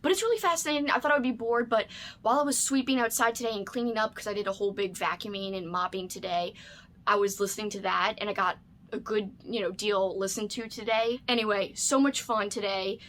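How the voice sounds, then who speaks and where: A woman's voice: mid-range voice, quick pace, fairly bright tone, a little hiss or hum. Chatty enthusiastic woman book vlogger. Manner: chatty and enthusiastic, with frequent "like" fillers. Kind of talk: casual reading vlog chat.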